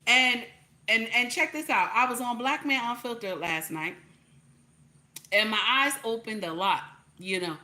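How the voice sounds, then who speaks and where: A woman's voice: fairly high pitch, measured pace, pushed and bright. A woman with a New Jersey accent giving blunt, repetitive livestream commentary, peppered with profanity and "okay?" checks. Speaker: online commentator.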